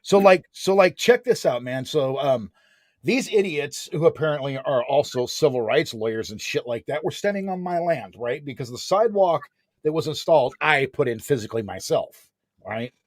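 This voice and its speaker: Man, 40s, casual storyteller, slangy and lively, a bit high, dry sound. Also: moderate pace, no echo. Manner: animated, slangy, lots of "man" and "right?".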